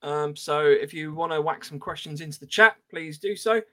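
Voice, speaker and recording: A man's voice: on the high side, moderate pace, a bit bright. A man hosting a casual podcast chat, laid-back and chatty, reading out listener reviews. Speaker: podcast host.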